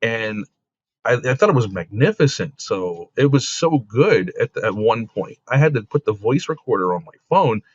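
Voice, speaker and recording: A man, a comic book creator, telling stories casually in an interview, full of fillers and quick laughs. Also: mid-range voice, big pitch swings, slightly rough, no echo. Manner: rambling, with many fillers like "like" and "you know". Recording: dull lo-fi dry recording.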